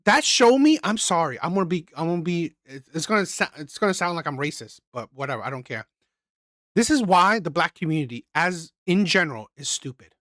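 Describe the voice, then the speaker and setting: A woman's voice: on the low side, big pitch swings, fairly quick, a bit bright, no echo, clean studio sound. A woman hosting a reaction channel, ranting bluntly with profanity and firing off repeated rhetorical questions. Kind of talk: ranting commentary.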